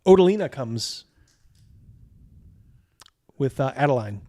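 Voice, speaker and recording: A man narrating a tabletop game as game master, halting with many fillers. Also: mid-range voice, lively intonation, mellow, no echo.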